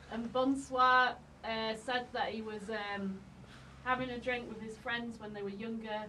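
Giggly woman, fairly high voice. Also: fairly even intonation, a little slow, pushed and bright, a little hiss or hum, low-quality recording. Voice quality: giggly, hesitant, many ums. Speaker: podcast co-host. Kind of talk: casual comedy chat, storytelling.

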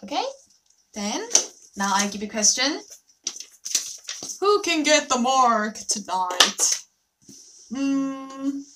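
A Korean woman teaching a live online language lesson, drilling syllables slowly and cheering on her students. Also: sits high, expressive, very noisy. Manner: slow, drawn-out syllable drills, cheerful praise.

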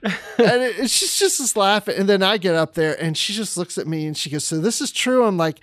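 A man's voice: sits high, a little fast, no echo, studio quality. A man co-hosting a podcast, telling an anecdote in a casual chat and acting out the quotes with laughter. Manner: animated anecdote teller, acts out quotes with laughter. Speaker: podcast co-host.

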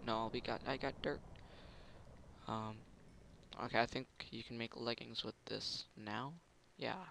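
A man's voice: mid-range voice, little pitch movement, normal speed, gravelly, pushed and bright, slight background noise. A man giving casual commentary over a video game, muttering to himself, humming little tunes and bursting into gloating. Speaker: gameplay commentator.

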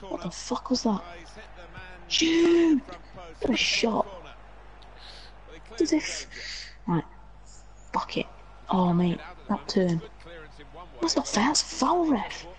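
A young man playing a co-op football game, excitable and swearing constantly. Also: high voice, slow, long pauses, rough recording. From England. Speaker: gamer. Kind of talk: casual co-op gaming chat.

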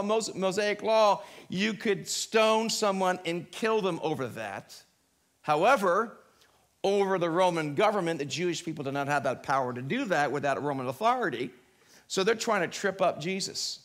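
A man preaching a sermon in a church, animated and conversational, with quick asides and frequent restarts. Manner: animated preaching, often rising in pitch and volume. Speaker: pastor. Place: church sanctuary, live broadcast.

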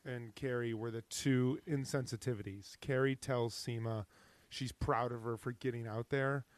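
A man's voice: mid-range voice, steady tone, normal speed, no echo. Hesitant podcast co-host man, dry close mic. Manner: rambling, hesitant with many restarts. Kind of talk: casual chat.

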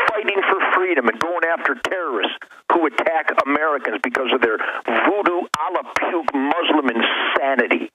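A fiery, emphatic man holding forth as a guest on a radio talk show, his voice pitched a little high. He hammers his points home and stumbles over repeated words when he gets heated. The broadcast carries a clear hiss of noise under him. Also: expressive, moderate pace. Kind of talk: impassioned radio interview.

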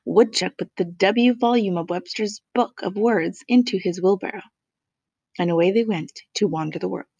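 A woman reads a children's storybook aloud, measured and expressive, relishing each alliterative phrase. Her voice sits at a middle pitch. The sound is dry and close. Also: husky, no room sound. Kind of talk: children's picture book read-aloud.

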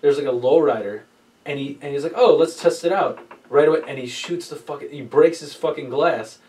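A man's voice: on the high side, brisk, a little mellow, distant mic, slight background noise, rough recording. A man telling a crude story in a rambling, profane way, often laughing at himself. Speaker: podcast co-host.

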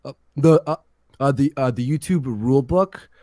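Man, mid-pitched, rambling, halting guest on a stream call, dry sound. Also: dark tone, no room sound. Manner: rambling, halting, restarts a lot. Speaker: guest youtuber. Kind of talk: casual livestream chat.

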